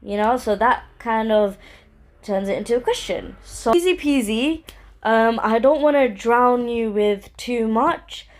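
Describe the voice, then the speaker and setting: A woman's voice: on the high side, expressive, measured pace. A woman casually teaching Arabic phrases, chatty, repeating words with exaggerated question intonation. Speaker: language teacher and gaming channel host.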